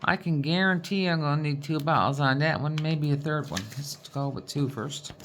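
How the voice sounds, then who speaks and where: A low, steady-toned woman from Newfoundland, Canada rambles casually at a normal speed while sorting her diamond painting supplies, with slight background noise. Folksy in manner, she often caps her sentences with "boy".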